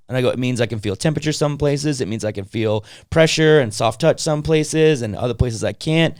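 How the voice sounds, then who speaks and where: A man's voice: medium pitch, quick pace, hardly any pauses, dry recording, clean studio sound. A young man telling a story in casual podcast chat, acting out the people in it, swearing casually and using plenty of fillers. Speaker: podcast co-host.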